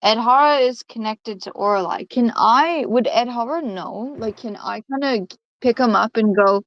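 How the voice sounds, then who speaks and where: A woman's voice: fairly high pitch, moderate pace, no room sound. A woman playing in a tabletop game, describing her moves hesitantly with many fillers. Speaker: player. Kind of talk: casual tabletop play. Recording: slightly muffled home mic.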